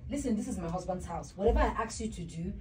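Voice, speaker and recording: A woman's voice: on the low side, animated, quick pace, warm tone, a little hiss or hum, close to an everyday voice. A young woman acting a bossy, neglected wife in a web skit, commanding and scolding, then complaining bitterly.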